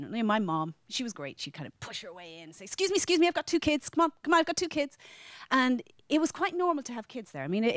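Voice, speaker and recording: Animated Irish woman telling a story. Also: lowish voice, no echo, studio quality. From Ireland. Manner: animated, with frequent restarts and acted-out quotes. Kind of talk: live personal storytelling to an audience. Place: media center storytelling event.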